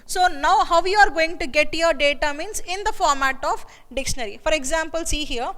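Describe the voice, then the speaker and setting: A woman walks through a coding lesson step by step, repeating herself often. Her voice sits high, and the recording has a long, ringing reverb around it. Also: brisk, fairly bright tone. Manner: repetitive, explains step by step with filler "okay" and "see here". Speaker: programming teacher.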